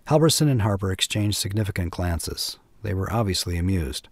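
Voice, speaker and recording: A man narrating a classic short story in a measured, even way. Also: sits low, dry recording.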